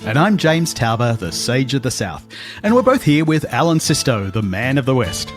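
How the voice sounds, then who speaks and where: A man's voice: medium pitch, big pitch swings, moderate pace, soft background music. A man co-hosting a podcast, explaining pronunciation carefully like a lecture. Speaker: podcast co-host. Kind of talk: casual podcast chat.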